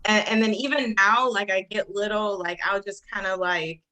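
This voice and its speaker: A woman's voice: medium pitch, fairly even intonation, normal speed, sharp tone, low-quality recording. A woman talking as a podcast guest, reflective and a bit hesitant, with many fillers. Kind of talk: casual podcast chat.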